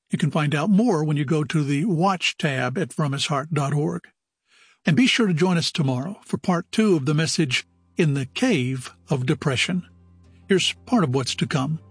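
A man hosting a religious radio program, reading scripted announcements in a measured announcer manner. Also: a little high, slightly rough, dry recording, clean studio sound.

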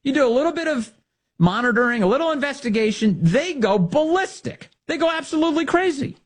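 A man's voice: very high voice, expressive, a little fast. A man hosting a political talk show, delivering a sarcastic monologue full of mocking rhetorical questions. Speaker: political commentary host.

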